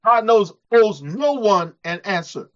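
A man's voice: high-pitched, animated, measured pace. A man preaching a sermon, acting out quoted voices and chuckling as he talks. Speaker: pastor. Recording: dull lo-fi church recording.

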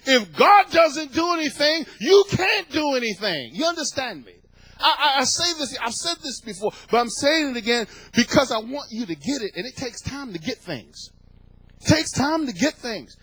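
A middle-aged pastor with a strikingly high voice preaches with rising fervor, repeating phrases and breaking into shouts. The sound is close and dry, with no room around it. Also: male voice, expressive, normal speed, slightly rough, no echo, low-quality recording. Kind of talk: sermon.

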